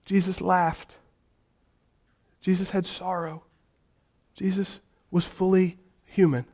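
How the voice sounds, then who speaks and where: A male pastor preaching a sermon in an animated way, shifting from hushed, gentle passages to loud, vivid storytelling. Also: high-pitched, slow pace.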